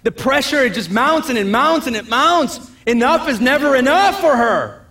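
Male pastor, high voice, animated sermon delivery with acted-out character voices and quiet asides. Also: normal speed, creaky, slightly rough. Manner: animated preaching, acting out voices of people in the story; drops to a low, quiet voice for asides.

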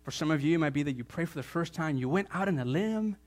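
A pastor delivers a sermon to his church in a fairly high male voice. He preaches with animation, slipping in jokes and leaping up in pitch and volume to drive points home. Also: quick pace. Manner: animated preaching with joking asides, jumps to a higher, louder voice for emphasis.

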